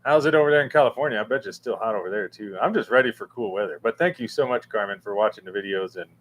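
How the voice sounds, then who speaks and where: A man's voice: on the low side, racing, fairly bright tone, a little hiss or hum. A man hosting a casual livestream, reading chat and rambling with many fillers and restarts. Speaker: livestream host answering chat. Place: room with a fan running.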